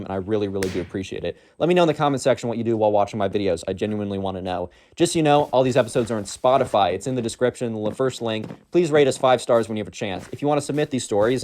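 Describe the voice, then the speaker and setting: A man's voice: on the low side, a little mellow. A man casually telling a story to his viewers, rambling and full of fillers. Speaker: storytime YouTuber.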